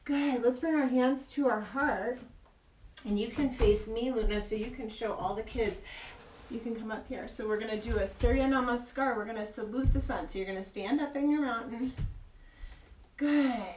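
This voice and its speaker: High-voiced, encouraging woman yoga teacher. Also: normal speed, distant mic, slight background noise. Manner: gentle, encouraging, playful with a child. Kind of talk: kids' yoga class. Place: yoga studio. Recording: echoey room, mic from afar.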